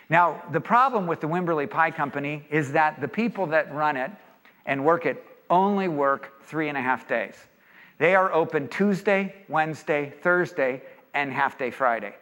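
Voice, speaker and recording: A man from California speaking to an audience, an animated and jokey storyteller, in an echoey hall. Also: a little high. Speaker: speaker leading a seminar or sermon. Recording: echoey hall with long reverb.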